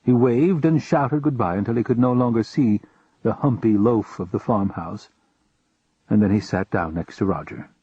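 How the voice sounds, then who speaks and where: A man narrating a fantasy audiobook in a calm, measured storytelling voice. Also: lowish voice, breathy edge, no echo. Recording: dull lo-fi home recording.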